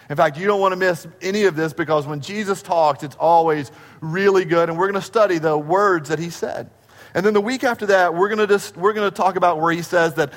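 A man preaching in a large church sanctuary, his high voice ringing with a long reverb. He tells a story and acts out the dialogue, speeding up and slowing down and shifting his loudness as he goes. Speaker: pastor. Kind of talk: sermon.

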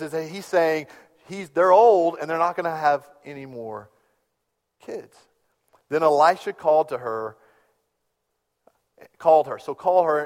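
A man preaching a sermon, telling stories and swinging from hushed tones to loud bursts. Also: on the high side. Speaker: pastor. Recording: long hall reverb.

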